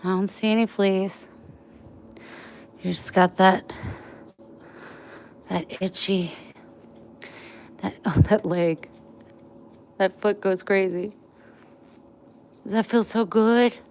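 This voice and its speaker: A woman vlogger in a casual home video, talking tenderly with frequent pauses and running short of breath. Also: mid-range voice, fairly even intonation, darkish tone, a little hiss or hum. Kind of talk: casual home vlog, talking to her dogs and giving heartfelt advice.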